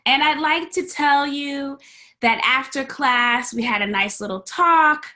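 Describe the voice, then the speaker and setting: A woman with a bright, fairly high voice tells a personal story as a sermon in a church. She speaks slowly and dramatically, acting out the other people's voices and now and then dropping to a whisper. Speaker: guest preacher. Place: church sanctuary.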